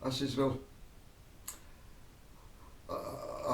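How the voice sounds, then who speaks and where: A man's voice: medium pitch, expressive, slow, darkish tone. A man telling a rambling personal anecdote to camera, often breaking into chuckles. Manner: chuckling, digressive, keeps breaking into laughter. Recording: roomy echo, mic at a distance.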